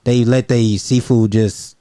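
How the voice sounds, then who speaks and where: Young male co-host, laid-back slang, dark voice, dry close sound. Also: medium pitch, steady tone, measured pace, no echo. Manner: laid-back, slangy, swears a lot, short replies. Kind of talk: casual chat.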